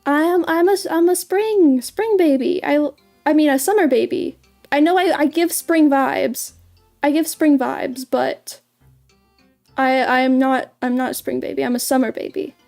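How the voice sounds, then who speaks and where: Bubbly high-voiced woman streamer. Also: unhurried, vocal fry, darkish tone, soft background music. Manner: bubbly and giggly, stumbles and repeats words. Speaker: VTuber streamer. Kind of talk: casual livestream chat.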